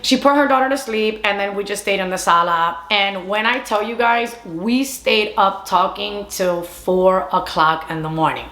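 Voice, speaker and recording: A young woman tells a story in a casual, animated vlog style, sliding between English and Spanish as she talks. Her voice sits at a middle pitch. The sound carries the echo of a bare room. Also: moderate pace, hardly any pauses. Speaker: storyteller vlogger. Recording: echoey room.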